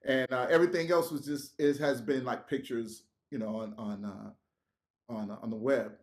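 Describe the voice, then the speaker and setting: A man, a podcast guest, telling a story in casual talk, animated and laughing, swearing and acting out what people said. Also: medium pitch, normal speed.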